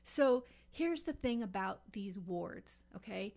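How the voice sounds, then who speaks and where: A woman's voice: mid-range voice, lively intonation, slow pace, gravelly, darkish tone. A woman co-hosting a podcast, telling a story in a chatty way with lots of fillers and asides. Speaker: podcast co-host. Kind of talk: casual podcast chat.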